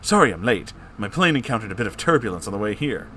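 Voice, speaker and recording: A man voicing a good-hearted male assassin in a comedic story reading, quick and matter-of-fact. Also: lowish voice, big pitch swings, sharp tone, slight background noise. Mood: earnest.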